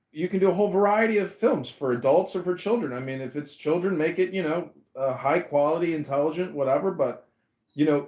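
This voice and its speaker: A man's voice: a little high, a little mellow, echoey room. A man hosting a live audio chat room, talking in a brash, rambling way with plenty of swearing. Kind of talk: casual chat.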